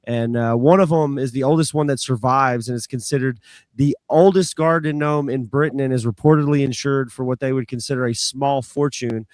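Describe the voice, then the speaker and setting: Co-host dude, mid voice, chatty trivia explaining, dry close mic. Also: male voice, medium pitch, fairly quick, a little mellow, no room sound. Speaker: podcast co-host. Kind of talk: casual chat.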